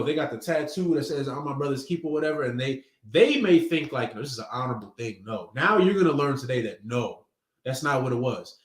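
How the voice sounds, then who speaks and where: Guy preaching casual with slang, voice bouncing all over, kinda high, roomy echo. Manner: casual street slang, conversational. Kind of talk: sermon teaching. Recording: echoey room.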